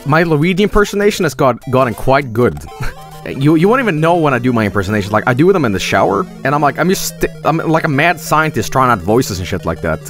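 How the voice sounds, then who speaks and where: A man streaming a game, commenting with sudden yelps, shouts and swearing. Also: medium pitch, big pitch swings, fast talker, soft background music. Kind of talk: live gameplay commentary.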